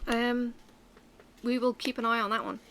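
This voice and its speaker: A woman chats away while stitching, telling a rambling story. Her voice is bright and clear, full of fillers and asides. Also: a little high, little pitch movement, normal speed. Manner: chatty storytelling with many fillers. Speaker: vlogger. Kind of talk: casual chat while stitching.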